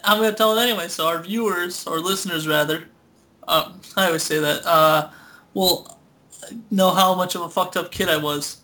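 Bright-voiced young man chatting loosely. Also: sits high, fairly even intonation, moderate pace. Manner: rambling, laughing, swearing often. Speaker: podcast co-host. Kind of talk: casual chat.

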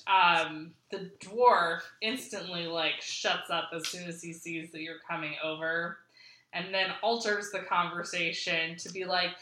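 A woman narrating as game master, unhurried and full of fillers. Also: lowish voice, steady tone, bright, forceful tone. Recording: echoey room with faint hiss.

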